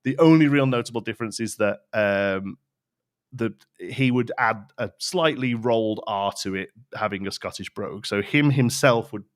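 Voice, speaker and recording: A man's voice: lowish voice, moderate pace, dry recording, clean studio sound. A man with an English Midlands accent, co-hosting a casual podcast chat and explaining things at length with lots of fillers and restarts. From England. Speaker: podcast co-host.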